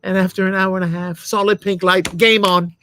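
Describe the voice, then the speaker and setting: A man's voice: high voice, level tone, a little fast, pushed and bright, no echo, voice pushed up. Breezy gossipy mom reading her review aloud, a man putting her on. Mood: chatty. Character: chatty mother, a woman reviewing a gadget.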